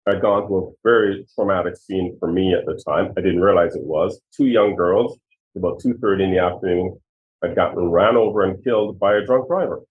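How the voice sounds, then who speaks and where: A man in his sixties speaks earnestly and with emphasis as he tells his own stories. His voice sits fairly low, and it comes through a thin, tinny line that sounds like a phone. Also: fairly quick. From Jamaica. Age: 60s. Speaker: retired police chief. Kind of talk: personal storytelling in an interview.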